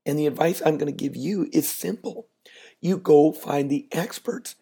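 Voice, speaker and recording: A man's voice: on the high side, moderate pace, gravelly, dark tone, slightly rough. A middle-aged man hosting a podcast, telling a chatty, folksy story that builds to a business lesson. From Canada. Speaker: podcast host.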